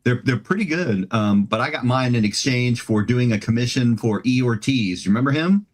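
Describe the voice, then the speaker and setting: A middle-aged man chatting casually on a live stream, halting with frequent restarts, speaking into a desk-mounted USB microphone. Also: medium pitch, lively intonation.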